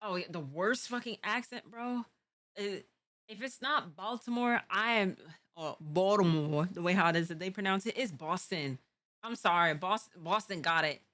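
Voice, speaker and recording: A woman's voice: medium pitch, moderate pace, bright, forceful tone. Chatty woman reacting to a video. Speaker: reaction streamer. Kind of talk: casual chat.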